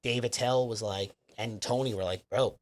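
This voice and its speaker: New guy rambling thru a story, swears a lot, says like constantly, average pitch. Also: fairly even intonation, normal speed, slight background noise. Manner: profane, rambling, lots of fillers. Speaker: comedian guest. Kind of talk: casual storytelling chat.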